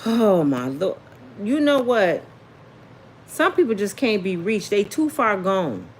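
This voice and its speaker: A woman's voice: medium pitch, sing-song, slow, breathy edge. Sassy chatty woman hosting a livestream. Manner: chatty, sassy, reads viewer comments aloud. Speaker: celebrity gossip livestream host. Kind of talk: casual livestream chat.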